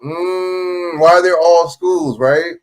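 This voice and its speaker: A man's voice: sits high, steady tone, slow pace. A man hosting a live stream, reacting to a news clip in rambling, profane casual chat full of questions.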